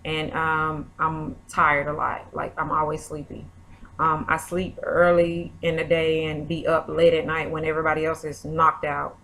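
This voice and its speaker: A woman's voice: low-pitched, flat delivery, moderate pace, a bit bright, a little hiss or hum. A young woman, vlogging in a chatty, rambling way full of fillers. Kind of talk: casual chat.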